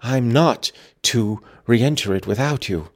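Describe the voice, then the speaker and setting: A man's voice: mid-range voice, slow pace. A man reading aloud, voicing a sickly, frightened young man who pleads in a panting, raised voice. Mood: fearful.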